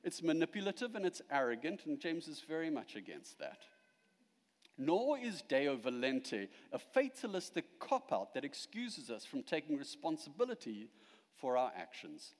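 Animated male preacher in a reverberant hall. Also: a little high, normal speed. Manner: animated preaching, rising to emphatic peaks and dropping quiet. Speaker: pastor. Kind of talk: sermon.

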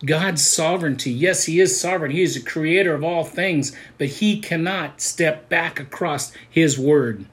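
A man's voice: fairly high pitch, moderate pace, few pauses, fairly bright tone. An older man, a pastor, preaching a sermon in an earnest, conversational way that builds to emphatic peaks.

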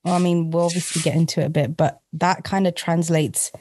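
A woman's voice: low voice, fairly even intonation, darkish tone, no echo. Teasing young woman. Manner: teasing, laughs a lot, quick comebacks. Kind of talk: casual group chat.

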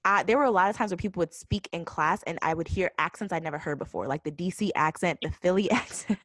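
A woman's voice: lowish voice, fast, hardly any pauses, fairly bright tone, no echo. A young woman from Boston co-hosting a podcast in casual chat, confident and pleasant-voiced, laughing often. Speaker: podcast co-host.

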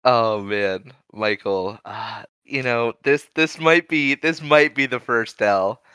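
A man's voice: medium pitch, slow pace, bright, forceful tone, smooth, no echo. A man co-hosting a casual podcast chat, amused and laughing, often restarting his sentences. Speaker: podcast co-host.

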